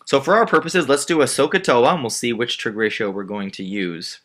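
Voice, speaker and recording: A male math teacher with a mid-range, fairly bright voice moves briskly through a screen-recorded lesson. He patiently explains a word problem one step at a time and sketches a diagram as he goes.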